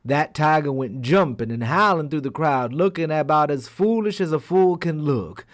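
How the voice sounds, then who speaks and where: A man telling a folk tale aloud as a storyteller, in an expressive, unhurried manner. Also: fairly high pitch. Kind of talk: animated storytelling.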